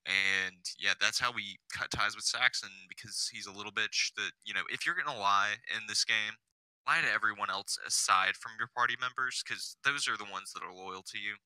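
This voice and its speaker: A man's voice: lowish voice, moderate pace, bright, forceful tone, no echo, low-quality recording. A man on a casual podcast, telling a long story full of "you know" fillers and swearing. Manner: rambling, profane storytelling with many fillers. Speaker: podcast guest.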